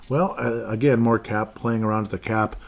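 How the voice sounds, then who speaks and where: Hosting a solo sports podcast, this man rambles and jokes his way through player contracts, now and then playing with his voice. He speaks at medium pitch, a little slowly, with a creaky quality.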